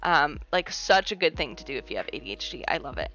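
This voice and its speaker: Gentle, chatty young woman streamer. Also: low voice, sing-song, fast. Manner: gentle, reassuring, chatty with many fillers. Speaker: livestream host. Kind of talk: casual chat reading viewer comments. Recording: muffled lo-fi stream audio with faint music. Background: faint background music.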